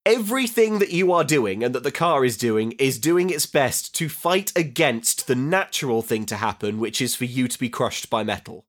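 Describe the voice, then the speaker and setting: A man co-hosting a comedic film recap podcast, retelling scenes with deadpan quips. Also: mid-range voice, moderate pace, few pauses. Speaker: podcast co-host.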